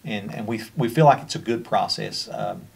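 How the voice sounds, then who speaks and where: A man's voice: on the low side, huge pitch swings, moderate pace, creaky, husky. A man with a Kentucky accent presenting a special education training over slides, in a conversational way with frequent fillers and restarts.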